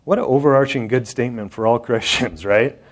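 A man's voice: mid-range voice, fairly quick. A man preaching a sermon, joking and talking straight to the congregation in an indoor hall. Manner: conversational and joking, addressing the congregation directly.

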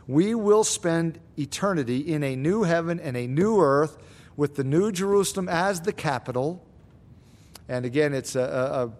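A man answering Bible questions as a pastor, explaining scripture in a measured, teaching way. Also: fairly high pitch.

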